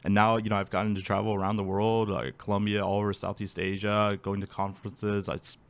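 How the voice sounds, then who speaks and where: A man's voice: lowish voice, little pitch movement, fairly quick, clear, resonant tone. A man being interviewed, telling his story casually, laughing often and acting out quotes. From Alaska. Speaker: guest.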